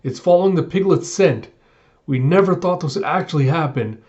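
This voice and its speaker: A man's voice: a little high, brisk, a little mellow, voice pushed up, close to an everyday voice. A man voicing a frantic, blaming male townsman in a dull lo-fi recording.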